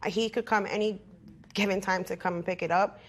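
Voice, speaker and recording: Young woman litigant, mid pitch, complaining, explains her grievances in detail. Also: steady tone, brisk. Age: young adult. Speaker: litigant on a court show.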